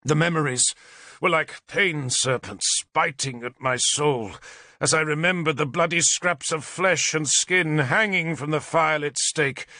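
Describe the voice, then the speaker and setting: A male audiobook narrator telling a dark tale with dramatic intensity. His voice is bright and forward, pitched a bit high. The recording is close and dry. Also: no echo.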